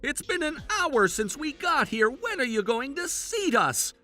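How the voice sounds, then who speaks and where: A man's voice: very high-pitched, sing-song, measured pace, bright, forceful tone, faint music behind. A man voicing a patient father, talking in a restrained, earnest way with simmering frustration. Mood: frustrated. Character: patient father taking his daughter to dinner. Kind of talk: animated story voice acting.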